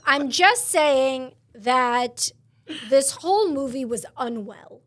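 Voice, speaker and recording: A woman's voice: high voice, animated, slow, fairly bright tone. A woman co-hosting a podcast in casual chat, emphatic and opinionated. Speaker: podcast co-host.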